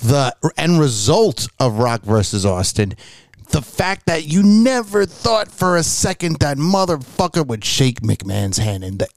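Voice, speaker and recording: A man with a higher-pitched voice speaks at a measured pace, with no room sound. He co-hosts a podcast and tells stories animatedly in casual chat, swearing freely.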